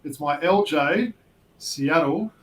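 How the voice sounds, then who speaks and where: A man co-hosting a casual sports chat, quick and chatty, full of mate and yeah. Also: a little high, fairly bright tone. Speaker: podcast co-host. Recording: echoey room, distant mic, faint hiss.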